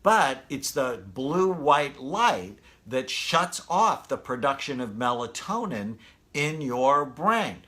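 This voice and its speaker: A middle-aged man co-hosting a podcast, calmly explaining in a plain teaching tone. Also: mid-range voice, slow. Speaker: podcast co-host, brain doctor. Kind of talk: casual explanatory chat.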